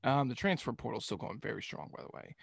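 A man's voice: medium pitch, big pitch swings, fast talker, creaky, husky. A young man co-hosting a casual sports talk show, joking and slipping into silly impressions.

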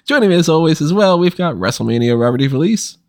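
A man's voice: fairly high pitch, animated, quick pace, darkish tone, no room sound, clean studio sound. A man hosting a casual podcast chat while a little under the weather, talking in a wry, deflated, complaining way. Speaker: podcast host.

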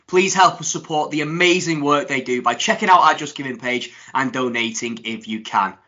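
A man co-hosting a podcast, chatty and excitable, laughing often. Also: mid-range voice, moderate pace, muffled recording. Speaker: podcast co-host. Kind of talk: casual podcast chat.

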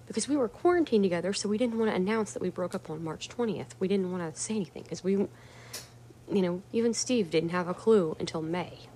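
A woman's voice: mid-range voice, fairly quick, warm tone, slight background noise. A woman host telling a personal story in a casual, rambling way, swearing freely and filling gaps with "you know". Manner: rambling, frank, swears freely, many fillers. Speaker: podcast host.

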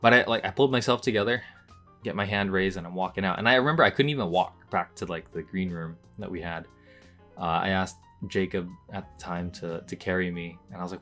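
A young man hosting a podcast, telling a personal story in a casual, chatty way, with lots of fillers and bursts of excitement as he relives moments. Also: low-pitched, brisk, soft background music. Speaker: podcast host.

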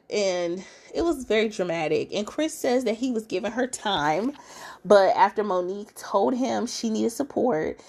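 Woman, podcast host, casual recap, chatty, expressive, lots of fillers, mid-pitched voice. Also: vocal fry.

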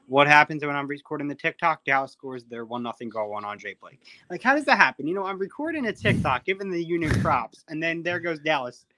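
A man joining a sports talk show as a guest, telling stories in an excited way. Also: fairly high pitch, fast, dry recording. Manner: excited, storytelling. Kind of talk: casual sports chat.

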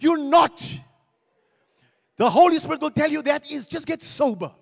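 A man preaching a sermon as pastor, animated, with repeated phrases and acted-out quotes. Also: very high voice, fast talker, creaky, long reverb tail.

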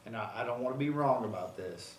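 A man's voice: medium pitch, quick pace. A laid-back man co-hosts a casual show in slangy banter. He is heard from a distance in an echoey room, with faint noise behind him. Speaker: podcast co-host. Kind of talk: casual chat.

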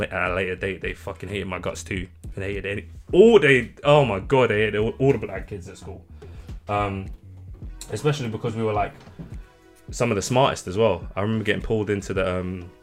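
A man's voice: on the low side, fast, soft background music. A young man co-hosting a podcast, telling a story in casual chat with lots of swearing. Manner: animated, swears a lot. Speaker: podcast co-host.

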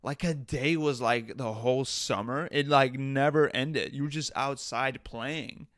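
A man's voice: mid-range voice, unhurried, fairly bright tone, no room sound, clean studio sound. A man hosting a podcast, delivering comedic commentary in an exasperated, profane rant. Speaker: podcast host.

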